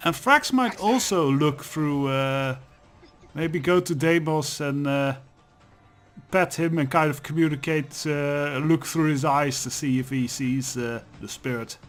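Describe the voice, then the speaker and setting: A man playing a tabletop game, talking hesitantly with many pauses and fillers. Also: on the high side, faint music behind. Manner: hesitant, many ums and uhs. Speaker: player. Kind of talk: tabletop role-play chat.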